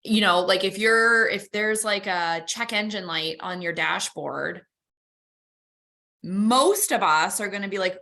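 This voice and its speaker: Bright, chatty woman co-host. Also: medium pitch, a little slow. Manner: chatty, uses car analogies, laughs at herself. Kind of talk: casual motivational talk.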